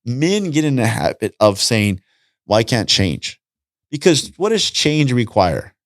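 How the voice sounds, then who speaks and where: A man's voice: mid-range voice, unhurried, no echo, clean studio sound. A middle-aged man chatting as a podcast guest, telling stories with lots of energy and acting out the dialogue. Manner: animated storytelling, acts out dialogue. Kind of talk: casual chat.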